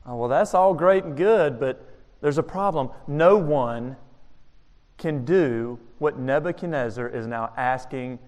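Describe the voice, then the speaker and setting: A man's voice: medium pitch, unhurried, a little mellow, in a large hall. A man preaching a sermon and telling stories animatedly, with frequent rhetorical questions. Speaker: pastor.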